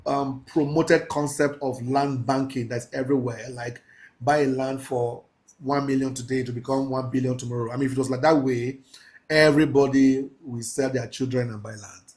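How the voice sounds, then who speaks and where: A man teaching a mentorship class, talking in a preachy, emphatic way, slowing down to stress key phrases and laughing with his students. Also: mid-range voice, fairly even intonation, darkish tone. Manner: laughs often, casual asides to the class. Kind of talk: live class lecture.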